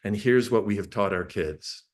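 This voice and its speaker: Lively, lower-voiced man telling family stories. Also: moderate pace. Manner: lively storyteller who acts out family dialogue with bursts of emphasis. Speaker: parenting speaker. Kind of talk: storytelling talk to an audience.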